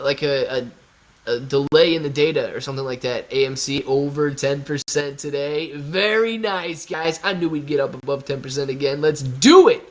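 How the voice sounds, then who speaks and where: A young man from Ohio chats casually on a live stream, his voice pitched a little above the usual male range. He reads viewer comments aloud and riffs on them in an easygoing, bro-ish way, close to a desk mic. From Ohio, USA. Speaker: livestream host answering chat.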